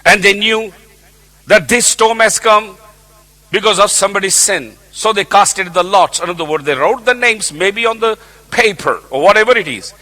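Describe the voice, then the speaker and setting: Brief: emphatic male preacher with a very high, bright voice. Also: moderate pace. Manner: emphatic, repeats key phrases. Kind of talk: sermon.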